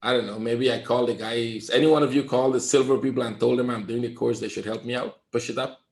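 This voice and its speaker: A man's voice: mid-range voice, steady tone, fast, creaky, darkish tone. Male trading coach, lecturing bluntly on a webinar, echoey room sound. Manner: lecturing, blunt, repeats "right?".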